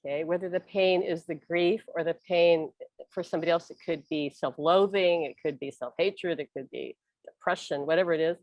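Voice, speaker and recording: A woman's voice: on the low side, a little fast, a little mellow, no echo. A middle-aged woman hosting a casual spiritual chat, talking earnestly and rambling with restarts. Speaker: host.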